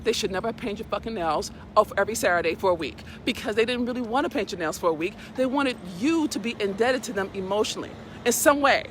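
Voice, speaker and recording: A woman's voice: mid-range voice, quick pace, few pauses, slight background noise. A woman hosting a casual live stream, talking bluntly and preachily with lots of swearing while walking her dog outdoors. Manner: blunt, profane, preachy and animated. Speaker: live video host.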